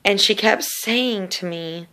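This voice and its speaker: A woman's voice: medium pitch, bright, forceful tone. A woman sharing a personal faith testimony in an earnest, casual storytelling way, often repeating words. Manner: earnest, repetitive, slow in places.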